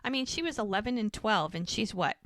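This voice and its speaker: A woman's voice: mid-range voice, lively intonation, a little fast, fairly bright tone, no echo. A woman co-hosting a casual podcast, recapping a TV episode and acting out the characters' lines as she retells each scene. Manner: retells scenes with quoted dialogue. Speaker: podcast co-host.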